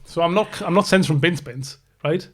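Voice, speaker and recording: A man's voice: a little high, a little fast, fairly bright tone. A man, co-hosting a podcast in crude, joking casual chat. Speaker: podcast co-host.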